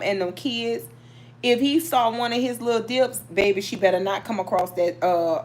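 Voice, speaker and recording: A middle-aged woman hosting a live chat, telling stories in a lively, animated way and talking straight to her viewers. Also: medium pitch, a little hiss or hum. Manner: animated, storytelling, talks to viewers. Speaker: livestream host reading tarot.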